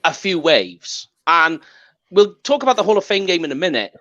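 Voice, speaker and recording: A man's voice: a little high, very animated, normal speed, sharp tone, no echo. A British man co-hosting a podcast, chatting enthusiastically over slightly dull call audio. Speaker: co-host. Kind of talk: casual podcast chat.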